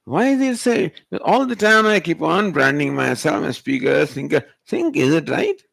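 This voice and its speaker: A man's voice: a little high, big pitch swings, moderate pace, gravelly, a bit bright, no echo. A male spiritual teacher, giving a Vedanta discourse and pressing the listener with rhetorical questions. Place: retreat hall.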